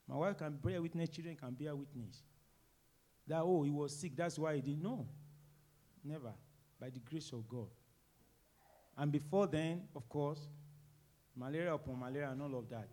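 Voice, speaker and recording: A middle-aged man preaches a sermon in a fairly high voice. He pushes key lines out loud and emphatic, then drops into quiet, low asides. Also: normal speed, pauses often. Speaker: pastor.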